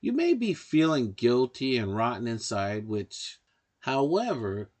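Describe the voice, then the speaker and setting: A man in a middle pitch talks the listener through practical steps, one after another. His delivery is calm and measured, with the even pacing of an instructional voice-over. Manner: calm, measured, advising directly. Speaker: narrator of a self-help guide. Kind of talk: instructional narration.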